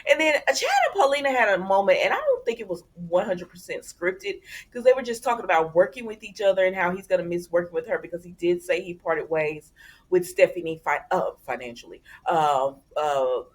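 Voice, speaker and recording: A woman with a lowish voice speaks very animatedly and fairly quickly while hosting a casual soap opera recap. Chatty and conversational, she addresses her viewers as y'all and retells each scene by acting out the characters' lines.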